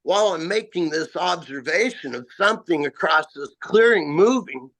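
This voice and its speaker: A man telling a first-person encounter story in a halting, rambling way, full of "you know" and "uh" fillers. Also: on the high side, animated, fairly bright tone. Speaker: eyewitness guest.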